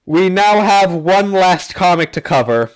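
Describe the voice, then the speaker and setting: A man's voice: high-pitched, animated, measured pace, clean tone. A man hosting a casual podcast, recapping comics in a rambling, filler-heavy way with the odd swear. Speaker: podcast host.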